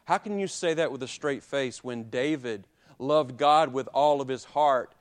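A man preaching a sermon, building to loud peaks and dropping low and quiet, with repeated rhetorical questions to the congregation. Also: a little slow. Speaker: pastor.

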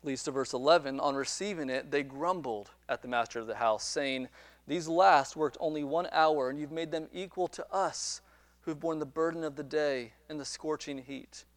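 A man with a high voice preaches a sermon. He retells a parable in an animated way, acts out the quoted dialogue and repeats words as he builds each point. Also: normal speed, no echo. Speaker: pastor.

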